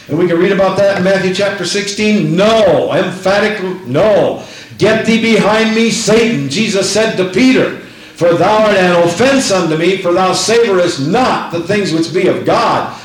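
A high-voiced man preaching a sermon with fervent, repeated phrases and scripture read aloud. His voice rings out in an echoey church room.

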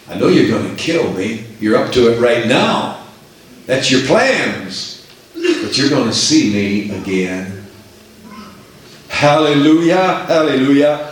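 A man's voice: mid-range voice, sing-song, takes it slowly. A man preaching a sermon emphatically, acting out the voices in scripture. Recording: echoey room.

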